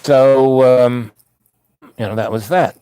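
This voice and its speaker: A man's voice: medium pitch, fairly even intonation, takes it slowly, warm tone, clear, resonant tone, no room sound. A man telling a long personal anecdote in a loose, meandering way, full of asides and restarts. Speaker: storyteller.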